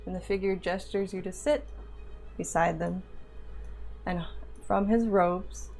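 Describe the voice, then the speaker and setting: A woman running a tabletop game as game master, narrating in a steady, self-described monotone voice. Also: on the low side, slow pace, soft background music.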